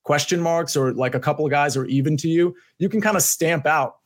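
Male co-host, fairly high voice, thinks aloud, repeats words. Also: a little fast. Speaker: podcast co-host, analyst. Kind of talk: casual podcast chat.

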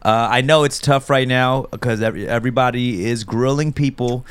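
A man's voice: medium pitch, steady tone, moderate pace, smooth. A man hosting a podcast, teasing and joking with his guests in casual banter. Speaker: podcast host.

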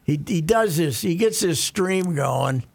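An older man rambles through old memories, his voice very gravelly and husky. His pitch sits a little high and moves a lot. He keeps stopping and restarting his sentences in easy chat. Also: lively intonation, a little slow, no echo. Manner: rambling, reminiscing, hesitant restarts. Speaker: radio talk show regular. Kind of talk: casual chat.

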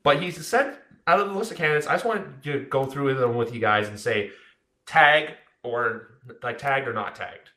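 A young man hosting a casual sports podcast, telling stories in an excited, rambling way. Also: mid-range voice, normal speed, roomy sound. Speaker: podcast host.

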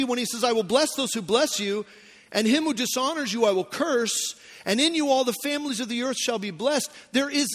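High-voiced preaching man in a reverberant hall. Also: fairly bright tone. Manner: emphatic, repeats key phrases, asks the audience questions. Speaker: pastor. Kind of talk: sermon.

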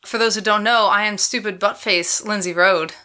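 A woman co-hosting a podcast, answering in casual banter with dry, deadpan puns. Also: mid-range voice, moderate pace. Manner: deadpan, wry punning. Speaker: podcast co-host.

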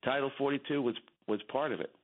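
A man speaks through a thin, tinny phone line. He talks as an emphatic guest, repeating his points and lifting his voice when stirred. His pitch sits in an ordinary middle range. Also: quick pace. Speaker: company executive, radio guest. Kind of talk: impassioned call-in commentary. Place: home in Texas.

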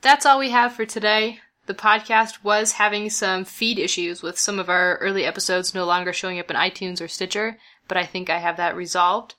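Bright-voiced woman podcast host. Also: mid-range voice, steady tone, normal speed, few pauses. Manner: direct, gives friendly advice. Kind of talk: casual podcast sign-off.

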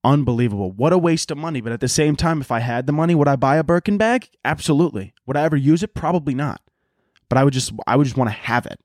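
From home, a man hosts a solo podcast of loose, profane, rambling comic rants. He talks fast and expressively in a mid-range, slightly mellow voice. The recording is dry and studio quality.

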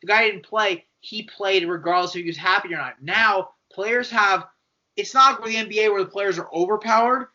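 A man co-hosting a casual sports podcast, animated and argumentative, acting out quoted voices as he makes his point. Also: sits high, normal speed. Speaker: podcast co-host. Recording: dull lo-fi podcast audio.

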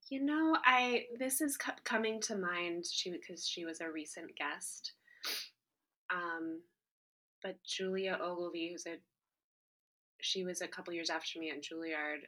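Actor and podcast host, female. Bright tone, earnest, emotional reflection with fillers. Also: on the low side, measured pace. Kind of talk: reflective interview answer.

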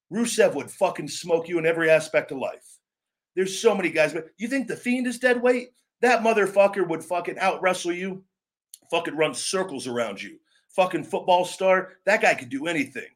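A man hosting a live wrestling show, berating online trolls with heavy swearing, then talking things over in a looser, rambling way. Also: on the high side. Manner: profane, aggressive, berating trolls; calmer, rambling with restarts. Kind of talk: live stream rant and commentary.

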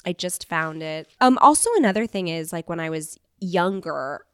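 A woman in her thirties chats in a rambling, giggly way, her pitch leaping up and down with lively swings. The sound is close and dry, with no room around her. She reads bits from an old diary between stories. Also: moderate pace, smooth, no echo. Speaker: podcast co-host. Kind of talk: casual chat, reading old diary entries aloud.

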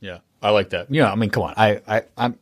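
Low-ish guy host rambling through a podcast interview, lots of you knows, dry close mic. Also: a little fast, no room sound. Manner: rambling, self-deprecating, lots of fillers. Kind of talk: casual interview chat.

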